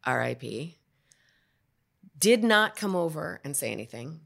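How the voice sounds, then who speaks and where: Low, gravelly woman telling a story. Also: measured pace. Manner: animated, candid storyteller. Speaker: actor guest. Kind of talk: casual podcast storytelling.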